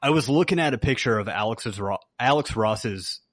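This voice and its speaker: A man's voice: on the low side, lively intonation, normal speed, fairly bright tone, no echo. A man co-hosting a podcast in casual chat, laid-back and hesitant with plenty of fillers. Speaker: podcast co-host.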